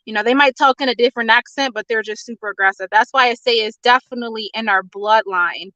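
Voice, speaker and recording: A woman's voice: on the high side, fast, bright, forceful tone, no echo, dull audio. An out-of-breath woman giving blunt opinions in a casual chat, talking over the other speaker. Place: in her car on a work break.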